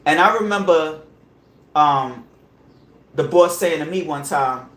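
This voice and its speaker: A man hosting a podcast, telling a story in a heated, animated rant full of profanity and repeated check-ins with the listener. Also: fairly high pitch, takes it slowly. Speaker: podcast host. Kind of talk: casual storytelling monologue. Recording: roomy echo.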